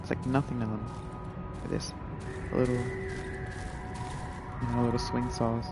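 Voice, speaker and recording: Gravelly laid-back gaming streamer. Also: male voice, mid-range voice, flat delivery, moderate pace. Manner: laid-back and rambling, full of "like" and "you know". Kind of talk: casual live gameplay commentary. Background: game music.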